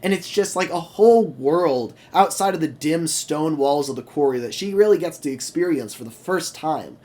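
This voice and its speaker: A man's voice: fairly high pitch, lively intonation, moderate pace, warm tone. A man co-hosting a casual podcast, telling a story animatedly with many fillers. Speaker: podcast co-host.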